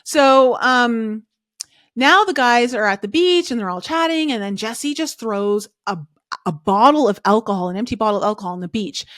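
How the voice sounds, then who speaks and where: A woman's voice: a little high, normal speed, a bit bright, no echo, clean studio sound. A woman hosting a podcast, giving a casual, opinionated recap of a reality show, talking chattily with lots of fillers. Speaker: podcast host.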